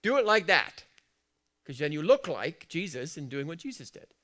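A man preaching a sermon in a church, chatty and full of questions to the congregation, moving between soft asides and loud emphatic lines. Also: on the high side, big pitch swings, moderate pace. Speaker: pastor.

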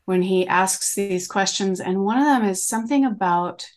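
A middle-aged woman, a coach talking as a podcast guest in an animated, rambling way, full of "like" and "you know". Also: mid-range voice, normal speed. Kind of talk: conversational interview.

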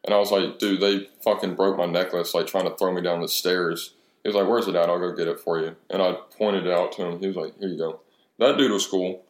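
Deep-voiced young man swearing through a story. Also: steady tone, fairly quick. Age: 20s. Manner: profane, storytelling with quoted dialogue. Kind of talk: casual chat. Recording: echoey room.

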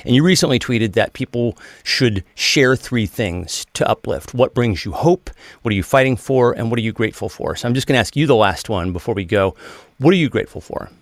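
A man's voice: medium pitch, animated, brisk, dry recording, studio quality. Friendly man hosting a podcast. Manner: friendly, calls guest dude and man, stammering restarts. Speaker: podcast host. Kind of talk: podcast interview and sign-off.

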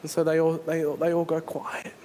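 A man's voice: on the high side, completely flat delivery, moderate pace, warm tone, slight background noise. A male pastor, preaching a sermon and retelling a story with earnest storytelling. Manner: earnest storytelling, dramatizes scenes.

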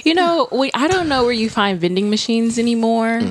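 A woman's voice: on the high side, animated, fairly quick, no room sound. A woman co-hosting a casual podcast, upbeat and steering the talk to new questions. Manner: upbeat, calls to the group with "y'all". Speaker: podcast host. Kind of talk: casual chat.

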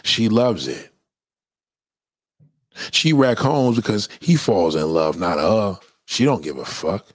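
A man's voice: fairly low pitch, animated, slow, long pauses, slightly rough, no echo, clean studio sound. A man delivering a blunt, profane, opinionated monologue in a lecturing tone.

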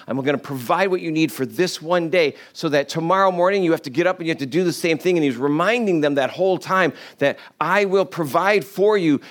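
Male preacher, relaxed conversational sermon, slips into playful complaining voices. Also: a little high. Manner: storytelling, acts out complaining voices in paraphrase; chatty, joking with the congregation. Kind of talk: casual sermon.

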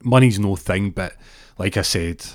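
A Scottish man with a very low voice tells a rambling, casual anecdote. He often repeats words as he goes. The sound is dry and close. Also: unhurried, a little mellow, dry recording. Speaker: storyteller.

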